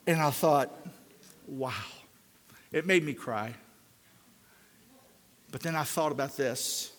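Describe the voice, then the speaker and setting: Older preacher in a reverberant hall. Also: male voice, takes it slowly. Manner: swings from loud fervent climbs to hushed low pleading. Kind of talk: sermon.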